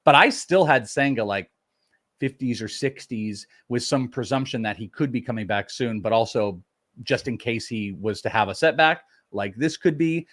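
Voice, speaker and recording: A man's voice: medium pitch, normal speed, fairly bright tone. A man co-hosts a fantasy baseball show in a mid-range voice. He teases his partner playfully and rambles through his points with plenty of "like" and "you know.". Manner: playful, teasing, rambling with many fillers. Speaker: fantasy baseball analyst co-host. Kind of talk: casual podcast banter.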